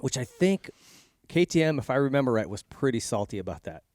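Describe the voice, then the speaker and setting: A man in a middle register hosts a relaxed podcast conversation. He chats along, fills in details and asks follow-up questions. The recording is dry and close. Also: mid-range voice, a little fast, no echo. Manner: chatty, prompting, fills in details. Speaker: podcast host. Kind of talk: casual interview.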